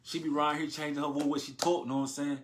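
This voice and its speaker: A man's voice: on the high side, flat delivery, fast, crowd noise, natural voice. A man voicing a swaggering, slangy male street guy in a teasing manner. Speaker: co-host.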